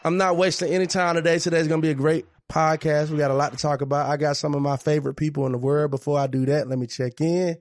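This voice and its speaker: A man's voice: on the high side, level tone, fast talker, hardly any pauses, no room sound. A man hosting a podcast in a hyped, joking, slangy manner. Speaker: podcast host. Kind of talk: casual podcast chat.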